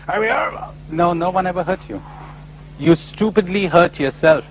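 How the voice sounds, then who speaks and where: A man giving a spiritual talk to a live audience, animated and full of rhetorical questions, often acting out other people's replies. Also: high voice, moderate pace, slight background noise, poor audio. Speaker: spiritual speaker. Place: lecture before a live audience.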